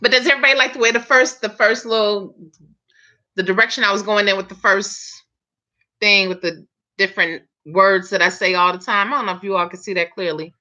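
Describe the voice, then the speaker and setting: On dull lo-fi stream audio, a woman who does hair talks directly to viewers while hosting a casual live chat, chatty and laughing. She has a mid-range, steady tone, speaks fairly quickly, and sounds pushed and bright.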